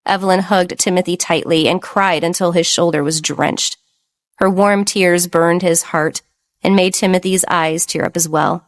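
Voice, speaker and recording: A woman reads an audiobook romance aloud in a steady, plain narrating voice. Her pitch sits a little low for a woman. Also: normal speed, no echo, clean studio sound. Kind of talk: scripted narration.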